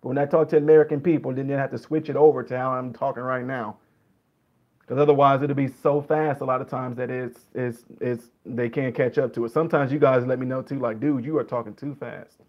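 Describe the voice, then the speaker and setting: A man's voice: medium pitch, little pitch movement, brisk. A man with a Jamaican accent, chatting casually with livestream viewers and answering them by name, on dull lo-fi stream audio. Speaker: livestream host.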